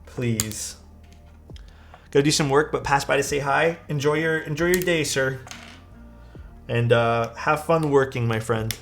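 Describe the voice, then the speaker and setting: A man's voice: medium pitch, a little slow, long pauses, faint music behind. A man streaming live, casually chatting with his viewers and answering their questions while he works on a build. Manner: relaxed, chatty, reads and answers chat while working. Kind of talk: casual livestream chat.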